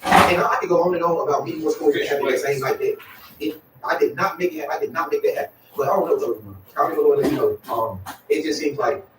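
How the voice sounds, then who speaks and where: Rambling fast-talking man, roomy distant sound. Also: a little high, background noise. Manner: rambling, repeats "y'all" and "you know what I'm saying". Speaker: vlogger. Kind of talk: casual chat to viewers.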